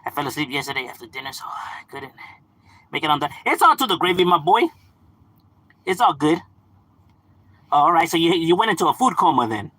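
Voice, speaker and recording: A bright, bouncy man's voice, swinging high and low as he chats casually on a livestream. His tone is husky and close to the mic. He is full of slang, slips into Spanish, and laughs easily. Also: lively intonation, fast talker, pauses often. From Los Angeles, California. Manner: slangy, laughs often, switches into Spanish words. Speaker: livestream host reading chat.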